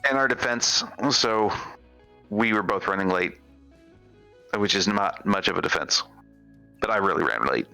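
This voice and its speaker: Man, stream co-host, forceful bright tone, low voice, faint music behind. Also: animated, moderate pace, vocal fry, long pauses, poor audio. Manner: easygoing, self-deprecating banter. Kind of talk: casual live-stream commentary.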